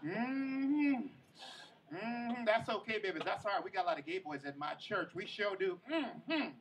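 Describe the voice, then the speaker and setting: A woman's voice: mid-range voice, lively intonation, measured pace, recorded from a distance, a little hiss or hum, rough recording. A man voicing his tipsy elderly grandmother, drawling and humming in agreement, in a stand-up routine. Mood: soothing. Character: tipsy grandmother, old woman, soothing and rambling.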